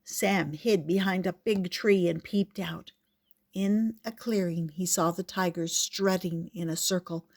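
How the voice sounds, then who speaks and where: A woman's voice: on the low side, a little slow. Older woman reading a storybook aloud. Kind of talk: reading a picture book aloud.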